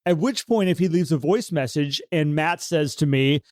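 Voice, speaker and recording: A man co-hosting a podcast in casual conversation, animated and acting out the voices he quotes. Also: fairly high pitch, moderate pace, no room sound, clean studio sound. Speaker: podcast co-host.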